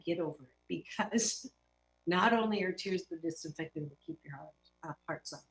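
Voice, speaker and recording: Earnest woman coach in a roomy studio. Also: lowish voice. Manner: earnest, emphatic, playful with mild swear substitutes. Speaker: host, happiness coach. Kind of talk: motivational talk show monologue.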